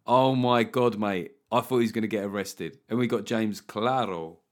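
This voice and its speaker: Sweary joking podcast host. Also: male voice, on the low side, normal speed. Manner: joking, sweary, playful mock voices. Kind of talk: casual comedic chat.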